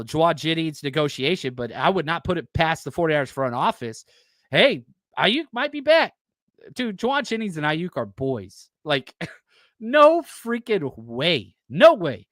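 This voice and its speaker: Animated man hosting a sports talk stream. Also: fairly high pitch, no room sound, clean studio sound. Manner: animated, blunt, talks back to chat comments. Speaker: podcast host reading live chat.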